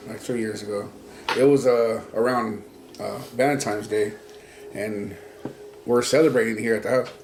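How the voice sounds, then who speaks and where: A man's voice: on the low side, fairly even intonation, moderate pace, long pauses, background noise. A man casually telling a story to friends, swearing freely and acting out friends' lines in a raised voice. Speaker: podcast co-host. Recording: roomy echo.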